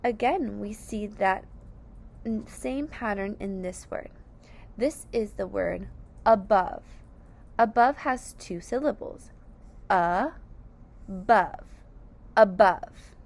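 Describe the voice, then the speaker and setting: Slow, gravelly-voiced woman teaching phonics. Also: mid-range voice, darkish tone. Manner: sounds out words syllable by syllable, over-enunciated. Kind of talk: slow, deliberate phonics lesson.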